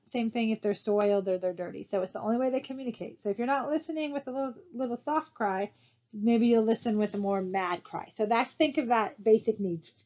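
Over her slides, a college instructor with a fairly high, mellow voice records a conversational lecture. She frequently stops to put rhetorical questions to her students. The audio sounds rather dull and lo-fi.

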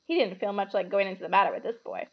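A woman reading a novel aloud with expressive storytelling. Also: mid-range voice, fast, highs cut off. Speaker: reader.

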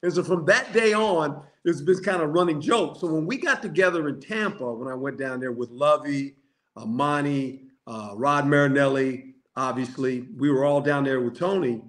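A man's voice: on the high side, moderate pace, a bit bright. An older man, a former football coach and player, telling anecdotes in a casual chat, acting out quotes and laughing often. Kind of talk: storytelling phone-in chat.

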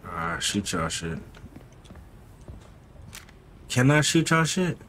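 Animated slangy male gameplay commentator. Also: fairly low pitch, a little slow, a little hiss or hum. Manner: slangy, talks to viewers, swings from muttering to yelling. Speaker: gaming commentator.

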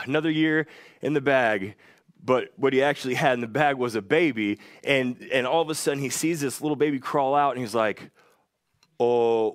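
A man's voice: fairly high pitch, dry recording, studio quality. A man giving a guest sermon in an enthusiastic, conversational way, with playful asides to the congregation. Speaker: guest speaker. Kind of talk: sermon retelling a movie.

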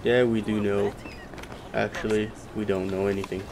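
A man's voice: fairly low pitch, flat delivery, moderate pace, vocal fry, background noise. A young man giving casual, profane, sarcastic commentary while playing a video game. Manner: profane, sarcastic trash talk. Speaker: gameplay commentator.

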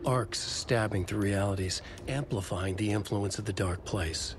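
A man voicing a grim male narrator of a dark horror tale, reading scripted narration in a grave, measured way. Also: fairly low pitch, background noise, natural voice. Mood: ominous. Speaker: game narrator.

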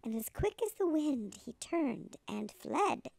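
A woman reading a children's picture book aloud in an animated, sing-song way. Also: high voice, takes it slowly, creaky, no echo. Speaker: storybook reader. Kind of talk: children's story read-aloud.

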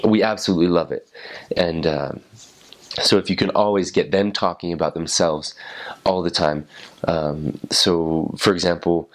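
A man's voice: sits low, fairly even intonation, moderate pace. A young man who served as a missionary, casually explaining how to make friends, rambling with many restarts. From United States. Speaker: former missionary.

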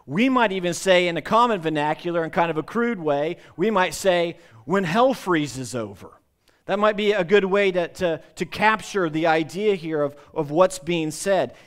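A man's voice: high voice, smooth. A male pastor preaching a sermon, emphatic, with frequent repetitions and restarts.

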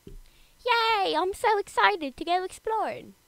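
A woman voicing an excited young boy adventurer with a British accent, pleading and eager. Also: very high-pitched, slow pace, gravelly, dry recording, pitched above the performer's own voice, exaggerated voice.

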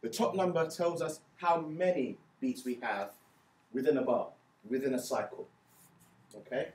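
A man's voice: mid-range voice, normal speed, darkish tone. A man teaching hymn music theory step by step, patiently counting beats aloud and often checking in with "okay?". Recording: echoey room, voice a bit far from mic, faint ambience.

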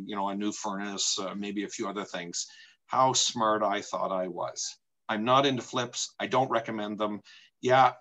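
A man's voice: fairly low pitch, fairly bright tone, low-quality recording. A middle-aged man from Canada, a real estate agent presenting a homebuying talk in an opinionated, emphatic way, using rhetorical questions and repetition.

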